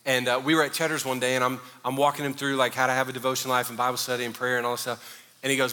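A man's voice: mid-range voice, little pitch movement, fast, bright, forceful tone, big-room sound. A man preaching a sermon as a pastor, joking and conversational with the congregation.

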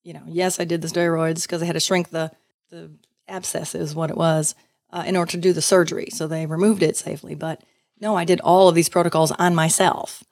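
A woman guest in a casual interview, telling her story in a lively way, acting out other voices and laughing often. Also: low-pitched, brisk, no echo, studio quality.

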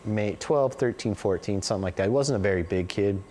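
A man in his forties, the guest in a casual interview, tells long stories loosely and keeps saying "like" and "you know." He speaks briskly in a lowish, dark voice, with slight background noise.

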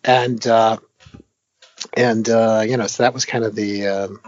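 A man's voice: fairly low pitch, a little slow, highs cut off. A man who designs arcade games, talking casually and at length in an interview, with many fillers and restarts. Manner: rambling, many fillers and restarts, animated when retelling stories. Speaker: arcade game designer, guest.

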